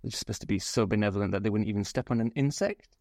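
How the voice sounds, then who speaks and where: Young woman co-host, relaxed conversational tone, dry close-miked sound. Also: very deep voice, rapid-fire, dry recording. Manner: relaxed, reads facts aloud. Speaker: podcast co-host. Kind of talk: casual chat.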